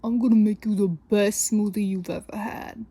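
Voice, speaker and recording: Woman voicing a leering fiftyish deli guy, husky, dark, pushy. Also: mid-range voice, steady tone, normal speed. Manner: insistent, prying. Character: pushy leering middle-aged male deli owner. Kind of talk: comedic retelling in a podcast.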